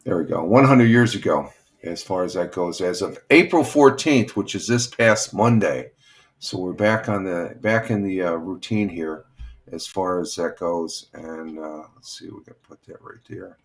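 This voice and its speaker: An older man hosting a casual morning livestream, talking in a rambling, halting way with lots of fillers. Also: sits low. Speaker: livestream host.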